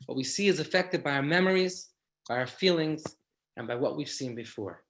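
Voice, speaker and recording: A rabbi with a fairly high voice delivers an inspirational lecture to his audience. He speaks reflectively and repeats his central lines for emphasis. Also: expressive, normal speed, a bit bright, slight background noise.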